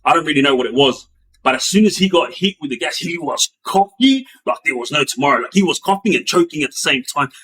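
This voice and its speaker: A man telling a story in a loose, rambling way, with many fillers and restarts, acting out the action with bangs and booms. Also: fast, a little hiss or hum. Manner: animated, acts out sounds with bangs and booms. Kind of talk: casual spoken storytelling.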